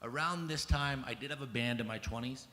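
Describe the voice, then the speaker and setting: At a conference, a man in his thirties from the United States shares a personal story in a medium-pitched, slightly fast, sharp-toned voice. He's casual and swears, relying heavily on "like" and "um" as he gets more emphatic. The large hall adds long reverb and faint ambience.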